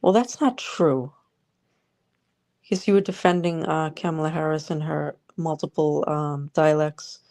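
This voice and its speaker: A woman's voice: deep voice, measured pace, darkish tone. A woman vlogger ranting sarcastically about politics straight to the viewer. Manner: sarcastic, exasperated, talks to the viewer.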